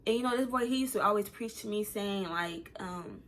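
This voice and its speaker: A woman's voice: mid-range voice, brisk, a little hiss or hum. A young adult woman telling a casual, rambling storytime, acting out the things people said. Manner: rambling, animated retelling that acts out quoted dialogue. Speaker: vlogger.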